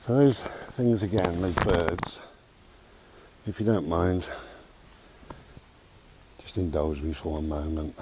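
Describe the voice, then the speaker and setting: A man vlogs casually in a park with a handheld camera mic, chatting and rambling while slightly out of breath from walking, and talking to his dog. His voice is deep and darkish, steady in tone, slow, with long pauses. Faint outdoor background noise is audible.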